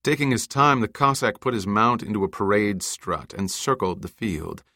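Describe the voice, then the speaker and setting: A man with a low, deep voice narrates an audiobook in a measured, deliberate way. His tone is bright and forceful, and the recording is close and dry with no room sound. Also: no echo.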